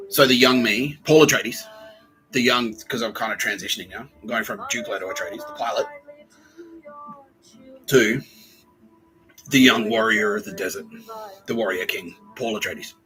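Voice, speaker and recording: A man's voice: medium pitch, normal speed, pauses often, pushed and bright, soft background music, rough recording. A man hosting a podcast, telling a rambling comedic story full of swearing. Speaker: podcast host.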